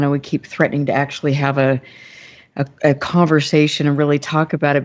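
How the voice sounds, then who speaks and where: A woman's voice: sits low, a little mellow, lo-fi sound. A woman hosting a radio interview, chatting with an enthusiastic manner. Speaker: radio show host. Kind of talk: casual interview chat.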